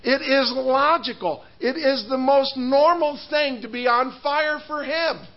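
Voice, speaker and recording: Animated high-voiced male preacher. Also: measured pace, dull audio. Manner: animated, laughing storyteller with restarts. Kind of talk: sermon with storytelling. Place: church hall.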